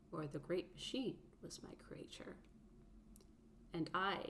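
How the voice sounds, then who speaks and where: A composed, literal-minded machine being, voiced by a woman talks in measured, formal phrases. The delivery is unhurried and subdued. It sounds built rather than born. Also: fairly low pitch, vocal fry, slight background noise. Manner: precise, stilted, questioning speech.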